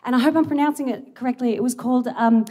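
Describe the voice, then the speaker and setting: A woman's voice: high voice, fast, dark tone. A young Australian woman doing a rambling, self-deprecating stand-up set on a big theatre stage, giggling between jokes. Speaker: stand-up comedian. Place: large theatre stage before a live audience. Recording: live theatre recording with audience noise.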